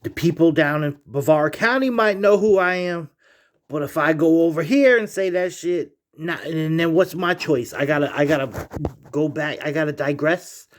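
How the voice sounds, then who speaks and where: A man's voice: fairly high pitch, moderate pace. A middle-aged man vlogging in a casual, rambling monologue, profane and heated as he digresses.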